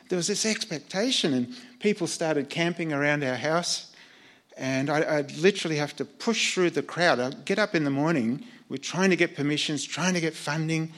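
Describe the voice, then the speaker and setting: Halting, earnest older man telling a story. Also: fairly high pitch, a bit bright. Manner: halting, repeats words, earnest. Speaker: former missionary. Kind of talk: personal storytelling.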